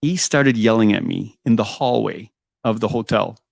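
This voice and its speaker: A man's voice: lowish voice, normal speed, gravelly, dry recording. A man telling a musician's road stories in a casual interview, often laughing and acting out the dialogue. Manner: animated anecdotes with frequent laughs and "I go". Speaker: guest musician.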